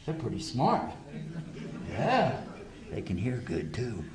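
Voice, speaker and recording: A man's voice: medium pitch, huge pitch swings, slow pace, a crowd in the background. A man giving a religious lecture to a live audience, emphatic and full of rhetorical questions. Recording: echoey lecture hall.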